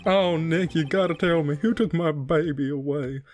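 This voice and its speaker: A man voicing a hungover, despairing young man in a video game play-through, wailing in a drawn-out delivery. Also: fairly high pitch, a little mellow, soft background music, lightly acted.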